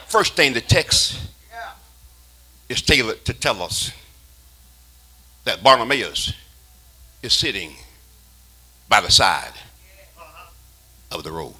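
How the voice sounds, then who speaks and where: A man preaching a call-and-response sermon in a church, shouting and singing his phrases. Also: on the low side, big pitch swings, takes it slowly, long pauses, husky, poor audio. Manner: shouting, sing-song preaching cadence.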